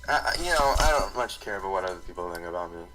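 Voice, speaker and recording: A young man in casual online chat on a voice call, rambling with restarts and animated outbursts. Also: low-pitched, rapid-fire, poor audio. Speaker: podcast co-host. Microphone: computer mic on voice call.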